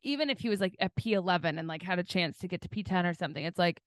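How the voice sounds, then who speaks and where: A woman's voice: lowish voice, racing, no echo, clean studio sound. A woman co-hosting a podcast, chatting casually and giggling, often acting out quotes in silly voices. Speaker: podcast co-host. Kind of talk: casual chat.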